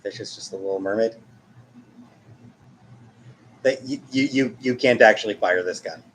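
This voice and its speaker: A man's voice: fairly low pitch, moderate pace, a bit bright, slight background noise, low-quality recording. A man in his forties chatting casually while showing family photos, rambling, jokey and self-mocking. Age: 40s. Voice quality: husky. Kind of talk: casual chat.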